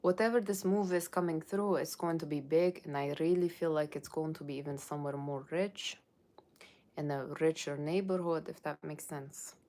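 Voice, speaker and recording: For a Halloween tarot reading in character, a woman with a low-sitting, mellow voice talks at normal speed. She plays a sassy, brash fortune-teller with an affected Russian accent, reading the cards bluntly and teasing her viewers on the side.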